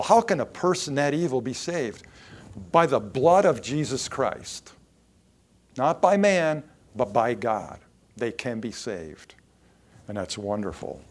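A man preaching a sermon at a mid-range pitch. He swings between quiet asides and forceful, raised lines of scripture. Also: creaky. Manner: preaching with rising emphasis and quoted scripture. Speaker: pastor.

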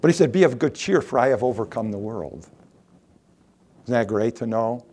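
A man's voice: mid-range voice, animated, moderate pace, dark tone. A middle-aged man preaching a sermon, asking rhetorical questions and reading scripture aloud.

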